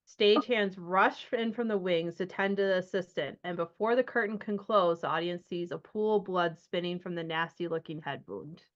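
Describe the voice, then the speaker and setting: A woman's voice: lowish voice, normal speed, few pauses. A woman narrating a tabletop horror game as game master, loose and chatty, with many ums and likes. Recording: dull lo-fi sound.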